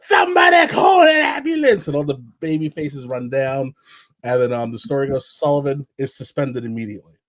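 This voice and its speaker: A man telling wrestling stories over a casual chat, halting, full of "um" and "you know" as he restarts his sentences. His voice is mid-pitched and sits close and dry on the mic. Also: no room sound. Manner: rambling, many fillers and restarts; animated, acts out quotes in raised voice. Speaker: wrestling podcast panelist.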